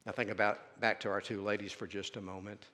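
A man preaching a sermon, dropping to near-whispers and then rising to loud, drawn-out emphasis, with stammered repeats. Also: fairly low pitch, little pitch movement. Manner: swings between soft hushed lines and loud emphatic stresses, stammering repeats. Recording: long hall reverb.

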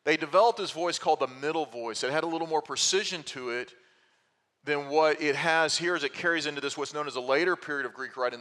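Bright-voiced preacher man in an echoing hall. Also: a little high. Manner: teaching, explains slowly with restarts and rhetorical questions. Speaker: pastor. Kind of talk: expository sermon.

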